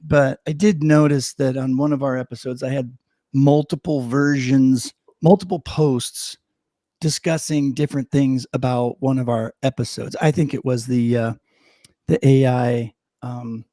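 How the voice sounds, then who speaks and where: A man's voice: medium pitch, level tone, normal speed, mellow, no echo, studio quality. A middle-aged man co-hosting a live show, chatting casually with plenty of fillers and restarts, and slipping into a mock news-anchor delivery for headlines. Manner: rambling, many fillers and restarts. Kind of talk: casual live-stream chat.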